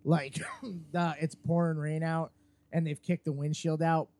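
A man's voice: fairly high pitch, little pitch movement, a little slow, a little mellow, dry recording. A man co-hosting a casual movie review podcast, argumentative and profane as he breaks down the film. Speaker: podcast co-host.

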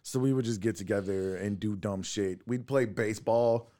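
A man's voice: lowish voice, moderate pace, warm tone. A man, co-hosting a casual podcast chat and telling rowdy childhood stories with lots of laughing and swearing. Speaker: podcast co-host.

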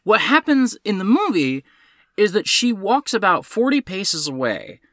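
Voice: medium pitch, sing-song, a little slow, fairly bright tone, dry recording. Podcast cohost going off about a movie, cusses a lot, voice jumps all over, dry close mic. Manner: profane, exasperated ranting about a film. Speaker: podcast co-host. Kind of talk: casual chat.

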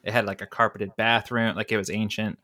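A young man co-hosting a casual podcast, talking in halting, self-deprecating asides full of fillers. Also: lowish voice, little pitch movement, bright, forceful tone, no room sound, studio quality. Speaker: podcast co-host.

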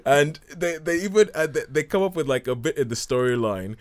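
A man's voice: fairly high pitch, expressive, fairly quick. A man hosting a casual film review chat, rambling with many restarts and acting out quotes from scenes.

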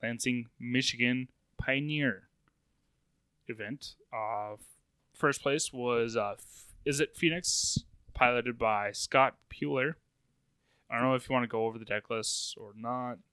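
A man's voice: mid-range voice, measured pace, pushed and bright, clear, resonant tone, dry recording. A man co-hosting a podcast, running steadily through tournament results in a casual way, his voice wearing out. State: voice going out. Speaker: podcast co-host. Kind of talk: casual chat, reading results.

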